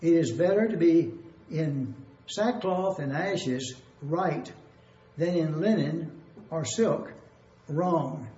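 Male preacher, high voice, methodical numbered-point sermon, echoey lo-fi church recording. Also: mellow. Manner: numbered points, deliberate repetition. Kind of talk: expository sermon. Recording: echoey room, dull lo-fi sound.

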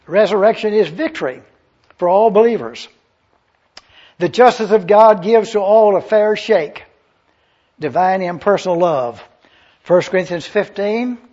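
A man's voice: sits high, a little mellow, slightly rough. A man preaching a sermon, emphatic, repeating key phrases and checking that listeners follow. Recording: dull lo-fi sermon recording.

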